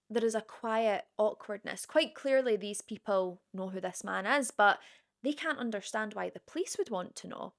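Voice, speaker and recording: A woman telling a true crime story in a casual, chatty way, with conversational asides to the viewer. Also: mid-range voice.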